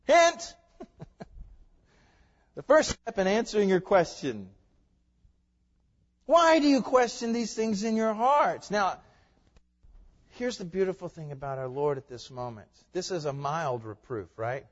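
A man preaching a sermon as a pastor, swinging between loud emphatic lines and soft hushed ones. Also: high-pitched, animated, measured pace, long pauses, big-room sound, highs cut off.

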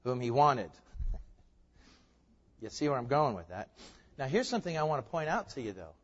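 A man's voice: medium pitch, big pitch swings, normal speed, husky. A man preaching a sermon, emphatic and building to fervent peaks. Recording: muffled sound with long hall reverb.

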